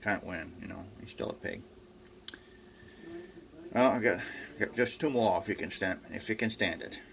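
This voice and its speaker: A man's voice: lowish voice, moderate pace, gravelly. An older man telling folksy farm jokes at home, rambling with lots of fillers and acting out the characters. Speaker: joke teller. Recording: faint background noise.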